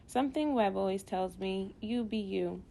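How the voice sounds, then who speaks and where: A woman reading an audiobook, voicing a middle-school boy who answers his mother quietly and hesitantly. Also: medium pitch, moderate pace, vocal fry, a little hiss or hum, lightly acted. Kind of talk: audiobook dialogue.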